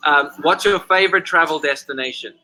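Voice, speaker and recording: A man hosting a casual interview, firing off quick quiz-style questions. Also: on the high side, sharp tone, a little hiss or hum, rough recording. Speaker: podcast host.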